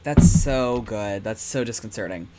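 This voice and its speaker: A man streaming a game, reacting with excitable, swearing casual commentary. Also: lowish voice, a little slow, very noisy. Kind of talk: casual game commentary while reading aloud.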